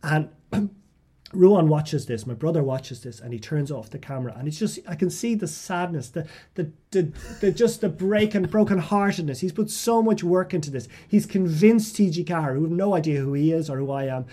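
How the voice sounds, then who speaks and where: Animated Irish man telling stories. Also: a little high, moderate pace. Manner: vivid, self-mocking storyteller who restarts phrases. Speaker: guest writer. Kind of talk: animated storytelling in conversation.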